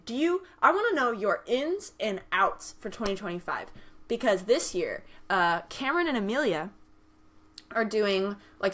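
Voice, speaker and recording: A young woman hosting a podcast, telling stories in casual chat and acting out the people she quotes. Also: mid-range voice. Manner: animated storytelling, acts out quoted voices, laughs often. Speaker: podcast host.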